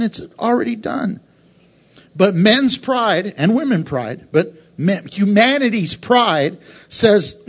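A pastor preaches to his congregation in a church, his husky, fairly high voice carrying an animated, conversational sermon. He keeps breaking into snappy bits of imagined dialogue. The recording sounds dull and lo-fi. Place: church sanctuary.

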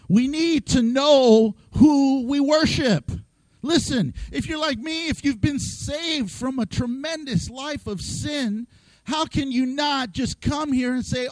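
A man's voice: very high-pitched, unhurried, dry recording, poor audio. A man preaching a sermon in a playful way, acting out voices and laughing often. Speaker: pastor.

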